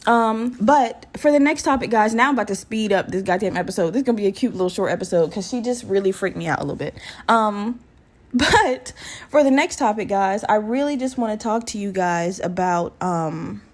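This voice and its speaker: A woman's voice: medium pitch, brisk. A woman in her twenties hosting a casual solo podcast, talking candidly and profanely straight to her listeners. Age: 20s. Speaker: podcast host. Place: her bedroom at home.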